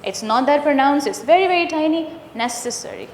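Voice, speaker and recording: A woman's voice: high-pitched, lively intonation, a little hiss or hum. Patient woman trainer in an echoey hall. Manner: clear, patient, drills sounds slowly and quizzes the room. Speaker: workshop trainer. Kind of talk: live teacher workshop. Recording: roomy hall reverb, faint ambience.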